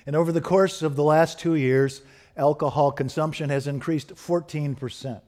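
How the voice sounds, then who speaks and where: A middle-aged man preaching a sermon, building to fervent repeated refrains and then dropping soft and low. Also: steady tone, moderate pace. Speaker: pastor.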